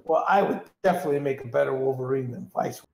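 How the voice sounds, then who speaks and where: A man's voice: mid-range voice, fast, vocal fry, echoey room. A man in casual banter with friends, eager and argumentative.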